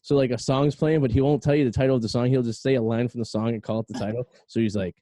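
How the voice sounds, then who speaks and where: A man with a Boston accent hosts a casual podcast chat. He rambles fast, with a dark, mellow tone and plenty of fillers. His voice sounds dry and close to the mic. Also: medium pitch, fairly even intonation, no echo. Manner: rambling, storytelling, frequent fillers. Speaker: podcast host.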